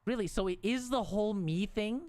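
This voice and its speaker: A man's voice: high voice, a little fast, darkish tone, no room sound. A man streaming a game, talking casually to himself and the game, frustrated and joking as he builds. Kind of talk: casual gameplay commentary.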